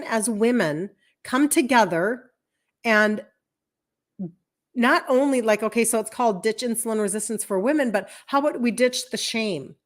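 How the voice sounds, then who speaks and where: Chatty woman with a higher voice. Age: 50s. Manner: chatty and rambling, acts out quoted speech. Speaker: health coach hosting a live stream. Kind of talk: casual live-stream talk.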